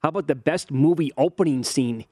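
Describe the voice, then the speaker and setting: Quick, animated male sports talk host. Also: on the high side, slightly rough, no echo, clean studio sound. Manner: animated, acts out quotes in a mocking voice. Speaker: sports betting show host.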